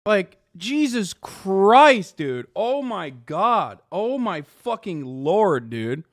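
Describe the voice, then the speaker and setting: A male streamer in casual reaction commentary, animated and exasperated, swearing freely. His voice sits well above most men's. The sound is close and dry, with no room in it. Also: high-pitched, drawn-out words, no echo. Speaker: streamer host.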